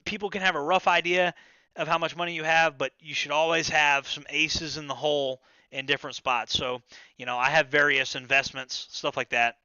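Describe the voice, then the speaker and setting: A man's voice: fairly high pitch, level tone, normal speed, sharp tone, clean tone, no echo, lo-fi sound. A man hosting a livestream, chatting casually and loosely, with plenty of swearing and stammered restarts. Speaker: livestream host. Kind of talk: casual rambling livestream chat.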